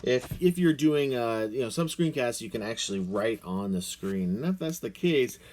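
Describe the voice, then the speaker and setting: A man's voice: mid-range voice, expressive, moderate pace, darkish tone. A man giving upbeat, playful teaching tips to camera, with lots of energy in his delivery. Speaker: teacher making a screencast tutorial. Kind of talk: upbeat instructional talk to camera.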